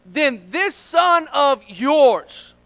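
A man's voice: very high voice, lively intonation, very slow, fairly bright tone, pitched above the performer's own voice, heavily acted. A man preaching, voicing the resentful older brother of a parable, a self-righteous grown son complaining indignantly to his father.

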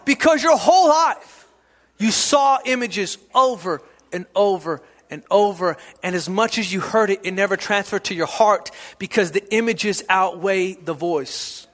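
A middle-aged male pastor with a high, bright, ringing voice delivers a sermon. He repeats his key lines for emphasis and swings from hushed drops into loud, emphatic bursts. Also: expressive, normal speed. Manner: preaching with repetition and sudden shouts.

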